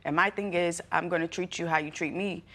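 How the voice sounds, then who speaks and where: A young woman testifying on a courtroom show, chatty and constantly filling her sentences with "like". Her voice sits a little low for a woman. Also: steady tone, fairly quick, a bit bright. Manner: chatty, heavy use of "like". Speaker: litigant.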